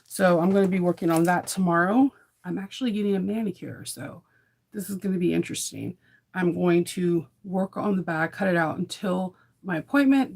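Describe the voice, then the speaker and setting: A woman's voice: on the low side, gravelly, darkish tone. A woman chatting casually in a morning sewing vlog, upbeat and rambling with fillers. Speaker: sewing vlogger.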